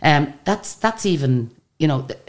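A woman's voice: low-pitched, measured pace. An older woman, a singer, telling chatty stories in a radio interview and acting out the dialogue. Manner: chatty, animated retelling of stories with quoted dialogue. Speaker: guest singer. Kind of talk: radio interview, anecdotal storytelling.

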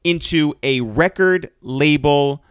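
A man co-hosting a podcast, reading shout-outs and promos in an upbeat voice, then chatting casually with a guest. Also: a little high, slow pace, smooth, no echo, clean studio sound. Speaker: podcast co-host.

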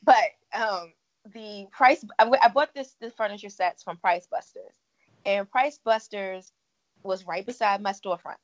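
A woman co-hosting a casual chat podcast, telling a story with lively asides and acting out the people she quotes. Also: medium pitch, a little slow, highs cut off. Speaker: podcast co-host.

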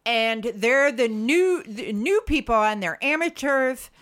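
Lively, animated woman co-host. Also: fairly high pitch, takes it slowly. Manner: chatty, animated, self-mocking. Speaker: podcast co-host. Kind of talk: casual chat.

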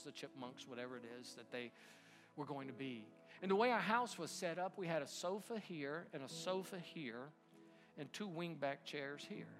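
A middle-aged male pastor preaching a sermon, swinging from hushed near-whispers to loud, near-shouted passages. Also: sits high.

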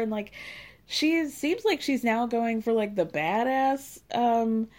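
A woman's voice: fairly high pitch, animated, takes it slowly, pauses often. A woman in a casual, chatty recap, her tone sarcastic and gossipy. She keeps breaking into laughter and whoops as she picks apart what she saw. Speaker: podcast host recapping a reality show.

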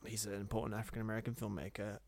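A man's voice: lowish voice, little pitch movement, rapid-fire, gravelly, a little mellow. A man co-hosting a film podcast, with a dry, offhand, joking way of talking. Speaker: podcast co-host. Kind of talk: casual film discussion.

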